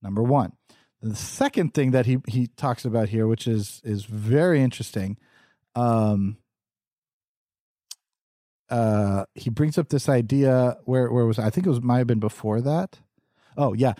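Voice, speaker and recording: Mellow-voiced man, animated podcast co-host. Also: mid-range voice, measured pace, pauses often, dry recording, studio quality. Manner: animated, reads quotes aloud and talks back. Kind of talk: casual discussion.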